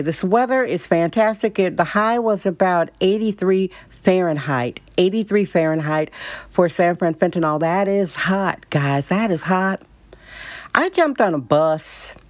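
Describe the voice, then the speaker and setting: A blunt, opinionated woman in middle age talks straight to her podcast listeners, telling a story in a chatty monologue. Her voice sits on the low side for a woman. The sound is dry and close, with no room echo. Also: darkish tone. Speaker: podcast host.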